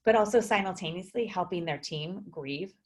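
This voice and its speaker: A woman's voice: on the low side, normal speed. A woman psychologist, a guest in a video interview, speaking thoughtfully with frequent fillers and restarts.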